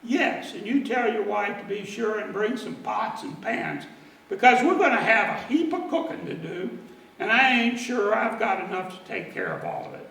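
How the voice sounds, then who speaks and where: A man voicing a busy, welcoming farm mother, calling out briskly. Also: high-pitched, animated, creaky, fairly bright tone, roomy sound, distant mic, exaggerated voice, rough recording.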